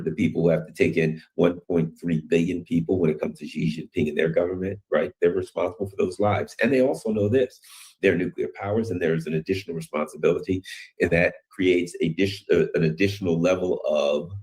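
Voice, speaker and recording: A man with a very low voice delivers a solo commentary on world affairs. He talks in a rambling, emphatic way, stacking up his points and mimicking other people's words when he quotes them. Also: fairly even intonation, a little fast, a little mellow. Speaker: news commentary channel host.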